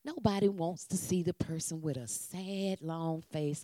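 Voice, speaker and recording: A woman preacher, leading a sermon with call and response and swinging from loud calls to hushed whispers. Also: lowish voice, measured pace, hardly any pauses, no echo, studio quality.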